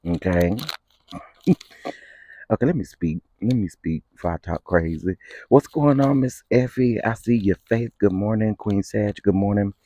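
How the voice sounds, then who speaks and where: A man's voice: fairly low pitch, unhurried, dark tone, no echo, highs cut off. A man hosting a casual morning livestream outdoors, greeting viewers by name in a playful, chatty, sing-song way. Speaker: livestream host.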